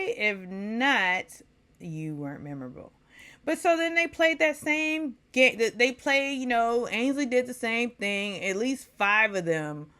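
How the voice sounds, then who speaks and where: Her mid-range voice is bright and forceful as she recaps a reality show on her vlog. The Texan is chatty and full of opinions, keeping it casual and imitating people in mocking quoted voices.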